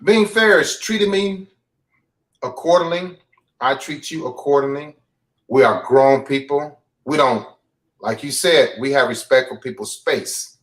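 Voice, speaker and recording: A man's voice: mid-range voice, unhurried, far from the mic. A man speaking as an interview guest, bluntly reflecting on his own behavior and often repeating himself. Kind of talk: candid confessional talk.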